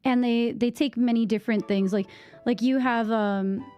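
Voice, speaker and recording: A young woman from Massachusetts with a Boston accent, chatting casually with her stream viewers, rambling with lots of fillers, on a boom-arm mic at home. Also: steady tone, moderate pace, a little mellow, smooth, soft background music. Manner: rambling, many fillers and restarts. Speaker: live streamer. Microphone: microphone on a boom arm.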